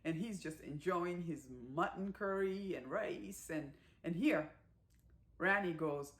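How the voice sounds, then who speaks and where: A woman giving a casual movie recap, chatty and animated, with lots of fillers and acted-out quotes. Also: on the low side, takes it slowly. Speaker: movie reviewer.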